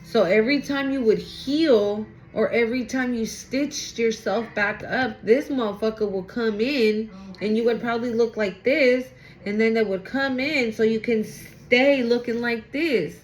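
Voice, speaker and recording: A woman's voice: fairly high pitch, a little slow, faint music behind. A woman giving a casual tarot reading to camera, chatty and blunt, swearing freely and talking aloud to spirit as she goes. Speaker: tarot reader.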